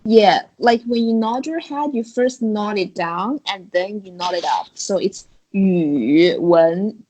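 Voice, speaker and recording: A woman's voice: mid-range voice, unhurried, a little mellow, a little hiss or hum, rough recording. A woman teaching Chinese tones online, patiently demonstrating and explaining how each tone moves. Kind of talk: online tone lesson. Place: recorded video call.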